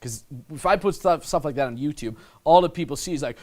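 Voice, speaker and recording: A man with a slightly high voice gives a blunt instructional monologue as a dating coach. His delivery is casual and unpolished. He swears freely and speaks straight to the listener as a friend. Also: fast talker.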